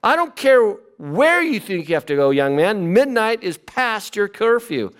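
A man's voice: high voice, very animated, measured pace, a bit bright, clean tone, pitched above the performer's own voice, full character voice. A man in a sermon voicing an exasperated mother who scolds her son. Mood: exasperated nagging. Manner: nagging, exasperated. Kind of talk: comic impressions in a sermon.

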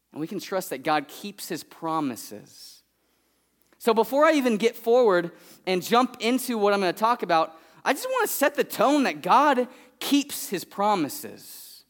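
A man in his thirties from California, preaching as a guest speaker in a church and telling a family story in a loose, conversational way. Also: sits high. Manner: animated and conversational, acts out his toddler's voice. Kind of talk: sermon with storytelling.

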